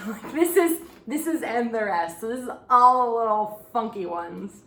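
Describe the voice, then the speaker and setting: A woman's voice: on the high side, a little slow. Young woman host, casual comedic monologue with profanity, recorded in a roomy, echoey space. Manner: animated and joking, swearing, with asides and whispered gags. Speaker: recap show host.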